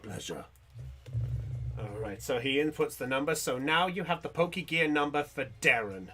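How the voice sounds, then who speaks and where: Chatty gm narrating a pokemon tabletop game, bright voice, lots of by the ways. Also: mid-range voice, a little fast, faint music behind, poor audio. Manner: rambling, self-correcting, animated. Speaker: game master.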